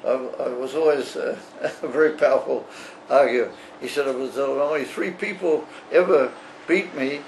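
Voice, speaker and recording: A rabbi teaching a class on a religious text, explaining slowly and haltingly with frequent pauses and fillers. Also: male voice, medium pitch, darkish tone, slight background noise, rough recording.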